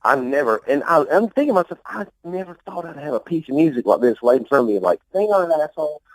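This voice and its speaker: A man's voice: a little high, expressive, quick pace, no echo, low-quality recording. A man being interviewed about his music, talking in a loose, rambling, profane way, often repeating himself and laughing. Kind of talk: casual interview talk.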